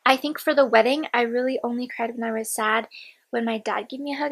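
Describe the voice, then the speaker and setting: A woman in her late twenties speaks to camera in a rambling, candid diary vlog. Her voice sits a little high for a woman. Now and then she drops into a quiet whisper. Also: steady tone, fairly quick, creaky, low-quality recording. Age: 20s. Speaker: vlogger.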